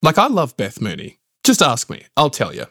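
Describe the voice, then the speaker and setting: A man's voice: mid-range voice, normal speed, gravelly, slightly rough, dry recording, studio quality. A man co-hosting a cricket podcast from his house, wry and teasing as he tells stories in a casual chat. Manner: wry, teasing, lively storytelling. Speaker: podcast co-host.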